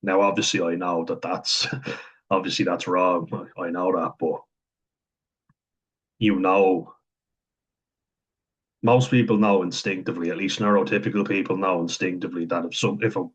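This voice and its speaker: Low husky guy rambling on camera, lots of little laughs and ums. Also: steady tone, moderate pace, long pauses. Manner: thinks aloud, frequent chuckles and ums. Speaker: vlogger talking about autism. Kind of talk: casual unscripted monologue.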